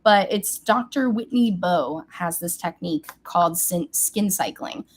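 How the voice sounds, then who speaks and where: A woman's voice: on the low side, measured pace, slightly rough. A bubbly young woman chats through her makeup routine into a webcam at home. Her talk is casual and chatty, and she squeals with delight now and then. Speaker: beauty vlogger. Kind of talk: casual get-ready-with-me chat.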